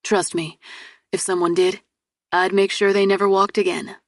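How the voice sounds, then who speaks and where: A woman reading an audiobook and voicing a kind, protective man who speaks in a low, measured, reassuring way. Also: flat delivery, no room sound, clean studio sound, close to an everyday voice.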